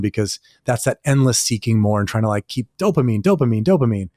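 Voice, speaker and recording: A man's voice: mid-range voice, expressive, fast, few pauses, mellow, dry recording, studio quality. A man hosting his own podcast, reflecting in a candid, casual way and leaning on lots of "like"s. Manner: casual, candid, many filler "like"s. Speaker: podcast host. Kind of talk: solo reflective podcast talk.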